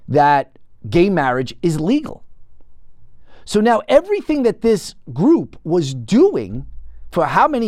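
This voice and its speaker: A man hosting his own show, telling a rambling story in a casual, animated monologue with frequent restarts. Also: a little high, no echo, clean studio sound. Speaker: podcast host.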